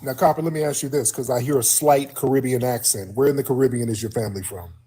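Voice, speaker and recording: A man's voice: mid-range voice, fast, mellow, slightly rough. A man hosting a call-in livestream, talking in an emphatic way and repeating his points for his listeners. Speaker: host.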